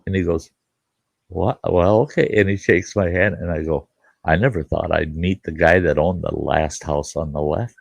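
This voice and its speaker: A man's voice: sits low, normal speed, vocal fry, slightly rough, no echo. A middle-aged man hosting a casual chat, telling a folksy story and acting out both sides of a conversation, swearing casually. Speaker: campground host and show host.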